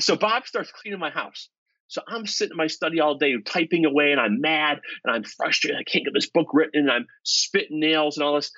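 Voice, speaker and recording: A husky-voiced man tells an animated story, dropping to near-asides and then jumping up with excited emphasis. The sound is close and dry, with no room around it. The recording itself is slightly dull. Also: mid-range voice, dry recording. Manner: energetic, swings between hushed asides and excited emphasis. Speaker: author and guest.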